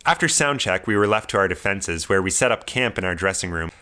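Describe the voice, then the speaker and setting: A young man narrating a personal story in a wry, measured way. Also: low-pitched, expressive, sharp tone. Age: young adult.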